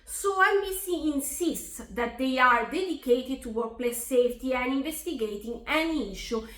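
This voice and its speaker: A woman's voice: sits high, animated, normal speed, a bit bright, roomy sound. A woman narrating a true story in a scripted way, reading out text messages with earnest indignation.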